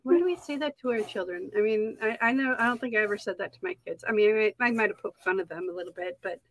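A woman's voice: medium pitch, fast talker, low-quality recording. A woman with a Minnesota accent chatting casually on an art live stream, talking to herself as she works. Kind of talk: casual chat while crafting.

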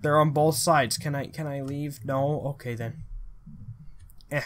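A man giving let's play commentary, excitable, swearing a lot and thinking aloud as he plays. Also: medium pitch, measured pace, long pauses. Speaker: gamer.

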